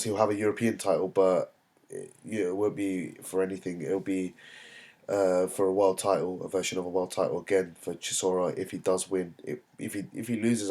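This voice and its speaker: A man hosting a boxing commentary vlog, talking alone in a halting way with many fillers and restarts. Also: low voice, a little mellow. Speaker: boxing channel host.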